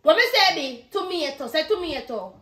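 Woman as a high, bright-voiced bossy Jamaican granny, scolds in thick patois, roomy echo. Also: expressive, moderate pace. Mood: scolding. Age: older. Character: stern bossy grandmother teaching her grandson words.

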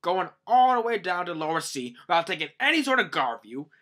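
A furious male sea minister, as a man plays him, scolding in a voice pushed well above the performer's own. The tone is bright and sharp, and the delivery is loud and indignant. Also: sits high, sing-song, brisk, voice pushed up, heavily acted. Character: shouting stern male sea-creature minister.

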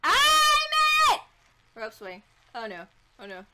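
A young woman commentating a video game, loud and excitable, yelling, swearing and laughing at the game. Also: extremely high pitch, slow, heavy background noise. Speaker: gameplay commentator. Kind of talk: let's play commentary.

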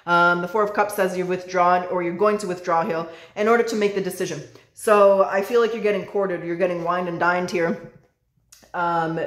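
A woman giving a casual tarot reading, chatty, calling the viewer baby and swearing now and then. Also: lowish voice. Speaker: tarot reader. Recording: roomy echo.

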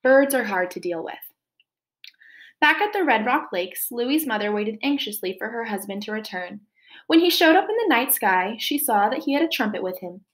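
Woman, teacher, expressive read-aloud, slightly high voice, asides to kids. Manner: expressive, pauses to comment for children. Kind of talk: reading a chapter book aloud.

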